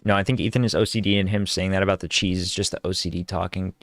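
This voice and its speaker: A young man with a lowish voice chats casually on a commentary stream, rambling through fillers and false starts. The sound is dry and close, with no room around it. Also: fairly even intonation, fast talker, no echo. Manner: rambling, filler-heavy, laughs while reading.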